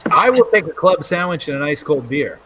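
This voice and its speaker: A man plays a tabletop game and trades dry, joking banter with the rest of his table. His voice is a touch high. The call audio carries constant background noise. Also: animated, brisk, bright, forceful tone. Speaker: player. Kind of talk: casual tabletop play. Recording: noisy online call recording.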